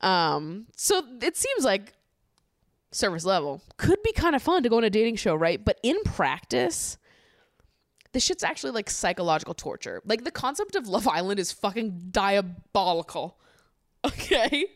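A woman's voice: medium pitch, very animated, normal speed, no echo, clean studio sound. A young woman hosting a podcast in casual chat, swearing freely and laughing often. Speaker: podcast host.

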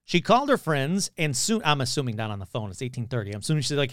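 A man's voice: mid-range voice, animated, racing, hardly any pauses, a bit bright, no echo, clean studio sound. A man hosting a podcast, retelling an old story in a casual, sarcastic and profane way. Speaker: podcast host.

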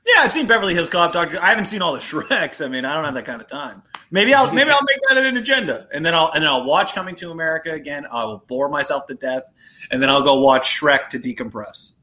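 A man's voice: fairly high pitch, animated, quick pace, pushed and bright. A man co-hosting a casual sports podcast, bantering in a joking, playful way. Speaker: podcast co-host.

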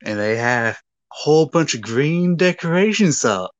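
A man co-hosting a casual podcast, talking through a story scene like camera directions, with halting restarts. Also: fairly high pitch, lively intonation, no room sound, highs cut off. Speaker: podcast co-host.

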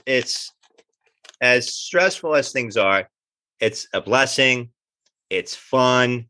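New man telling lively acting stories. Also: medium pitch, no room sound. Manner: animated anecdotes, acts out quoted dialogue. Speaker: actor guest. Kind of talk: casual interview storytelling.

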